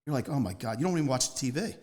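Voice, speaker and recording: Speaking rapid-fire with animation, this Northeast Philadelphia man tells his story as a guest in a relaxed interview. His voice is mid-range in pitch and a little mellow. He wanders emphatically from tale to tale, hitting important words with force.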